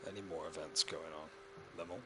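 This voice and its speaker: A man giving casual, low-key commentary while playing a game, musing to himself. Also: fairly even intonation, a little fast, noisy background. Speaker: gameplay commentator.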